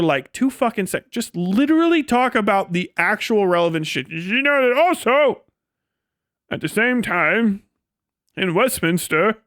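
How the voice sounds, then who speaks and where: A man's voice: high voice, a bit bright, dry recording, clean studio sound. A man streaming live, ranting in an exasperated, profane manner with frequent laughs. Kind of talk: livestream rant.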